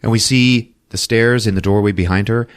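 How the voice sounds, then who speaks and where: A man hosting a podcast, recapping a film in a profane, animated storytelling manner. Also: fairly low pitch, normal speed, smooth. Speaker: podcast host. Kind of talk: comic movie recap.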